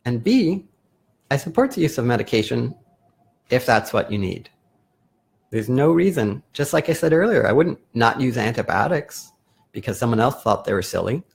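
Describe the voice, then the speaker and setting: Gravelly, husky man talking calmly. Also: medium pitch, normal speed. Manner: calm, explanatory, self-correcting. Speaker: therapist hosting a live video. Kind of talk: casual live-stream talk.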